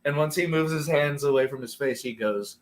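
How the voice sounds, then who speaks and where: A man co-hosting a casual wrestling podcast, animated and laughing easily, swearing casually. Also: a little high, brisk. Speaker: podcast co-host. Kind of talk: casual chat.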